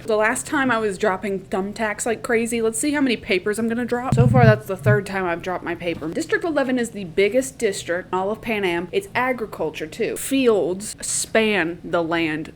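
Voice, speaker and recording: Southern woman, casual book recap, chatty and cussing, faint low rumble behind. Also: moderate pace, few pauses. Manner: swearing, chatty, with playful asides.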